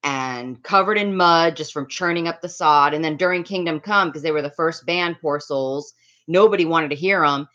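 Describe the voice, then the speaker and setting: Chatty low-voiced middle-aged woman. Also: moderate pace, a bit bright. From Miami area. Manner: chatty, reads out viewer names. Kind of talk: casual storytelling to chat. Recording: slightly dull lo-fi audio.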